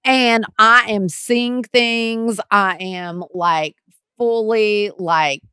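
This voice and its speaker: Middle-aged woman podcast host, lively storyteller, dry close sound. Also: mid-range voice, drawn-out words, smooth, no echo. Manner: animated storyteller, laughs often. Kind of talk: casual chat.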